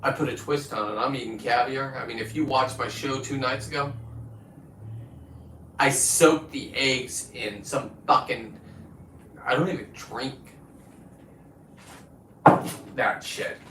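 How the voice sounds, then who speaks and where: A man's voice: mid-range voice, takes it slowly, long pauses, pushed and bright, slight background noise. Combative swearing man on a livestream. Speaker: livestream host. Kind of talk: profane livestream rant. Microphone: phone. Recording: echoey room, distant from the mic.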